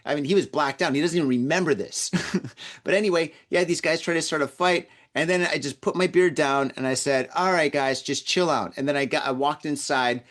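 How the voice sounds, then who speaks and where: A man's voice: mid-range voice, fairly bright tone. A man hosting a podcast, telling a story in a casual, rambling way, often repeating words and acting out the people he quotes. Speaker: podcast host. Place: lives in Tokyo.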